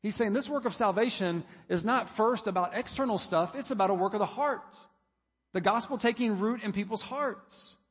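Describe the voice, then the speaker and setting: A man's voice: sits high, normal speed, breathy edge, long reverb tail. A man preaching a sermon, building to emphatic points as he reads scripture. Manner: preaching, reading scripture aloud with rising emphasis. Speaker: pastor.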